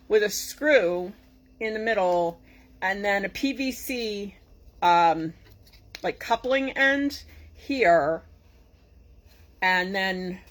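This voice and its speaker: Chatty Boston-accented woman crafting. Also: mid-range voice. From Boston area. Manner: chatty, bubbly, rambling asides to viewers. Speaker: craft tutorial host. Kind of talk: casual live craft tutorial.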